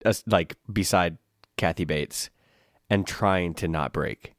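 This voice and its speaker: A man's voice: sits low, slow, no room sound, studio quality. A man co-hosting a podcast in casual chat, dropping wry one-liners. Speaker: podcast co-host.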